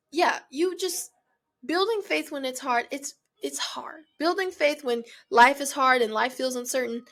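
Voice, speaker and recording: A woman's voice: fairly high pitch, creaky, a bit bright. A young woman hosting a faith-based podcast, talking earnestly and emphatically, repeating encouraging phrases. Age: young adult. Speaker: podcast host. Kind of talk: faith-based motivational chat.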